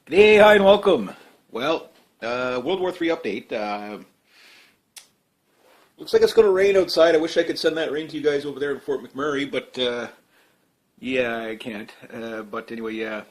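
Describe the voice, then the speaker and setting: Canadian man, vlogger, rambling casual talk, lots of "uh" and "you know", trails off softly. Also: medium pitch, expressive, normal speed, rough recording. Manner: rambling, many fillers and restarts, trailing off quietly. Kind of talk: casual off-the-cuff commentary.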